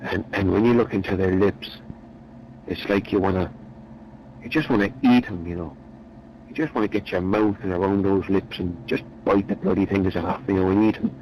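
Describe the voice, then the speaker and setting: A low-pitched man rambles through a joke, chatty and meandering, often repeating himself. The recording is dull and lo-fi. A faint engine hum sits behind him. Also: fairly even intonation, normal speed. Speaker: storyteller.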